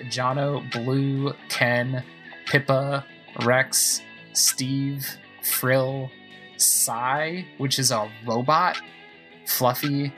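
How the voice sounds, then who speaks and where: A man hosting a gaming podcast, chatting excitedly and thinking aloud as he plays. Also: medium pitch, low-quality recording. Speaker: podcast host playing a video game. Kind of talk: casual let's-play commentary. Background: game music.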